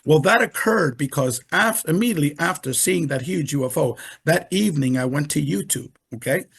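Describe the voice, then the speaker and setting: An older man on a video call tells his story emphatically, piling on asides and repeating himself. His voice is gravelly and a touch husky, pitched a little high for a man. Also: lively intonation, fairly quick, fairly bright tone. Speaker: interview guest. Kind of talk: animated storytelling in conversation.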